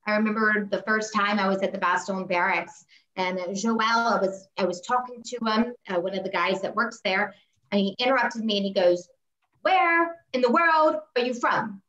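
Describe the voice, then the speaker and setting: A woman's voice: medium pitch, fairly even intonation, moderate pace, a bit bright, echoey room, muffled recording. An American woman, a historian and tour manager, speaking earnestly and candidly in a panel discussion over a video call. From United States. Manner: earnest, candid, with frequent restarts.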